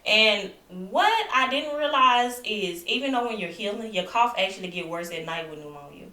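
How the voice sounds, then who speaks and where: Medium in pitch and normal in speed, a young adult woman speaks far from the mic, off-mic in an echoey room. She's at home, indoors, vlogging about being ill while recovering with a lingering cough. The telling is chatty and animated, casual storytelling to camera with asides to viewers.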